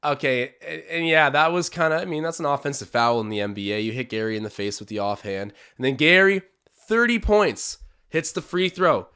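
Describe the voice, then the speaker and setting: A young man from Canada hosting a live basketball watch-along, calling plays and chatting with his viewers, animated and swinging from hype to groans. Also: a little high, fairly quick, clear, resonant tone. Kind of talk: excited live game commentary with chat.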